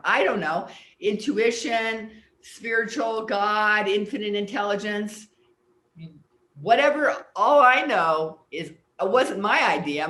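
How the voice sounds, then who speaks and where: A woman's voice: medium pitch, fairly bright tone. An older woman, a guest on an interview show, earnestly explaining ideas and telling personal stories, sometimes repeating words as she recalls. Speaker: guest, personal development teacher. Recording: roomy echo.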